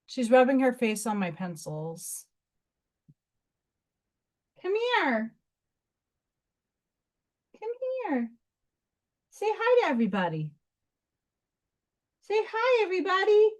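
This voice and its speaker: Woman hosting a craft stream from home, high bouncy voice, unhurried, chatty with frequent laughs. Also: big pitch swings, darkish tone. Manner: chatty, laughs often, coos baby talk at her cat. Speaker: craft livestream host. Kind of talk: casual live-stream chat.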